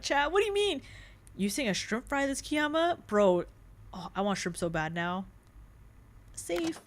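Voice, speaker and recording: A young adult woman streaming a game with casual commentary, excitable and jumpy, laughing and swearing often. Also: medium pitch, moderate pace. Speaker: VTuber streamer.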